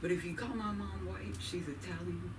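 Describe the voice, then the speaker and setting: A woman's voice: lowish voice, steady tone, moderate pace. Woman doing chatty stand-up, far off. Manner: chatty, laughs often, asks the crowd questions. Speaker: stand-up comedian at an open mic. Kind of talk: nervous stand-up set. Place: comedy club stage. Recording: noisy live room, voice from afar.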